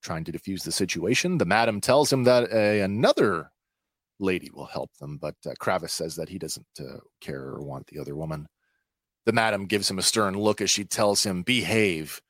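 Male podcast host, casual recapper, low voice with a wide swing, filler-heavy. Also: animated, normal speed, dry recording, studio quality. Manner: chatty, many filler words, laughs easily.

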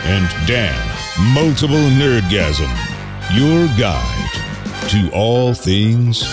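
A man announcing a podcast intro in a slow, theatrical drawl. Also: fairly low pitch, big pitch swings. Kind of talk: drawn-out show intro over music. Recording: intro voice over loud music.

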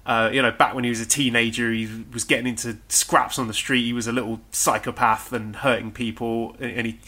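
A man's voice: medium pitch, level tone, brisk, sharp tone. A man co-hosting a podcast, chatting casually and reading out listener questions, with some stammered restarts. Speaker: podcast co-host.

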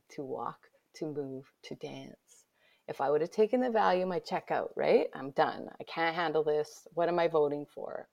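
A woman, an author appearing as a guest, tells a personal story in conversation. She's lively and drops to a whisper for her inner thoughts, and her voice is deep with vocal fry.

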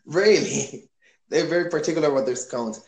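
A man from Chile hosting a casual chat, easygoing and quick to laugh. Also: fairly high pitch, vocal fry. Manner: easygoing, laughs often, asks questions. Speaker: podcast host. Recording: echoey room.

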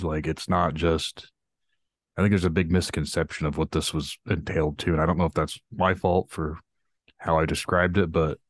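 A man co-hosting a podcast, talking in a casual, earnest, drawling way and ranting at times. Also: low-pitched. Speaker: podcast co-host.

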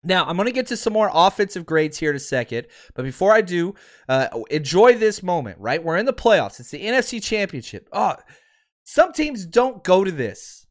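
A man hosting a sports podcast, ranting about his team with heated, sarcastic fan commentary. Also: a little fast. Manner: calms to a quieter, lower promo pitch.

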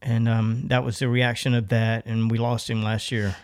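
A middle-aged man, a podcast co-host telling a long story in a casual, animated way, laughing often and acting out the voices of the people in it. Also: mid-range voice, normal speed.

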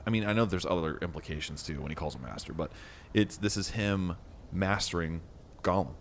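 A man in a casual book discussion, animated and thinking aloud with fillers. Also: deep voice, brisk, a little hiss or hum.

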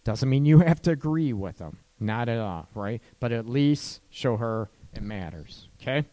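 A man's voice: mid-range voice, lively intonation, moderate pace, mellow. A man giving casual relationship advice to listeners, talking loosely and often asking "right?" as he goes. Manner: chatty, keeps asking "right?", laughs at his own points.

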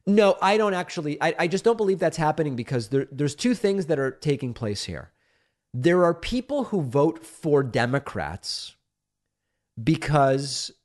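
A middle-aged man born in Argentina hosts a political talk show, reading listener letters aloud and answering them at length. His delivery is conversational and emphatic, with a playful defensiveness when he is criticized. His voice sits at an ordinary mid pitch.

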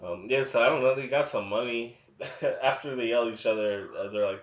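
A man's voice: medium pitch, fairly quick. A man in his thirties co-hosting a podcast, chatting about a movie in a sardonic, casual way with plenty of swearing. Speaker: podcast co-host. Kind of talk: casual movie review chat. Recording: echoey room, dull lo-fi sound.

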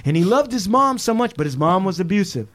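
Slightly high-voiced man telling a crime story. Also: fairly quick, slight background noise. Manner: animated, swears freely, acts out quotes. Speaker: podcast co-host. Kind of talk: casual true-crime storytelling.

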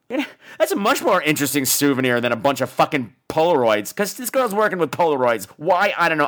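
A man hosts a podcast and rants through a bad-movie review with profane sarcasm. His voice sits high and swings widely in pitch, animated throughout. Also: fast talker. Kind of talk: comedic movie-review rant.

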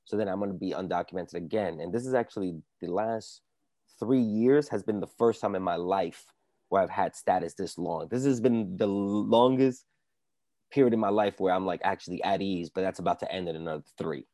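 A man with a very low voice talks earnestly in a casual podcast chat. He is from the Dominican Republic and tells personal stories plainly. The sound is close and dry, with no room around it. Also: a little fast, mellow, no room sound. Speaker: comedian guest. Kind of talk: casual conversation.

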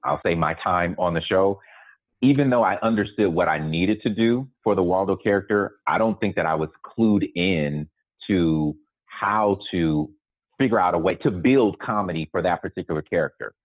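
An actor in his forties calls in as a guest, telling stories in a laid-back, joking way and laughing as he goes. His voice sits low at a moderate pace, heard over a tinny, dry phone line.

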